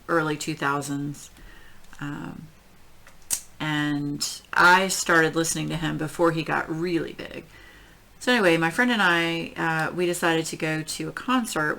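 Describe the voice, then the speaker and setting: A middle-aged woman telling a story at home in casual chat, rambling and animated, with many fillers. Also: deep voice, gravelly. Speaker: crafting channel host.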